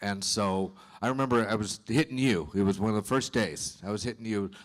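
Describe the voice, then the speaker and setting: A man on a convention panel telling a lively story from a film set, acting out what others said. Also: on the low side, a little fast. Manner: animated storytelling, acts out dialogue.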